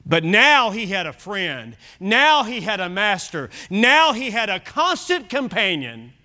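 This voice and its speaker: High, bright-voiced male preacher. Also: very animated, unhurried. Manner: emphatic preaching with repeated phrases. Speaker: pastor. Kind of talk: sermon. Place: church service.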